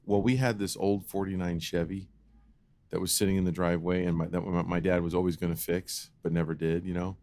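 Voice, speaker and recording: Deep-voiced man telling a story. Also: fairly quick, dry recording. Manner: animated storyteller, acts out voices. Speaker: podcast co-host. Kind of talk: casual storytelling chat.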